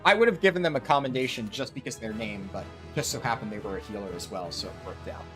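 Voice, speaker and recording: A man from New Jersey chatting casually while streaming a video game, relaxed and talkative as he reacts to his chat. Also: medium pitch, fast talker, faint music behind. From New Jersey, USA.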